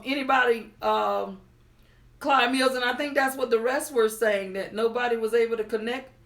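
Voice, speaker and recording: A woman's voice: high-pitched, a bit bright. A woman hosting a casual livestream, chatting and greeting viewers by name as she reads their comments aloud. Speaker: livestream host.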